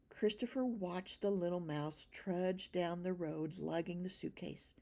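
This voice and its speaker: A woman narrating a children's storybook in a slow, expressive read-aloud manner. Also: lowish voice.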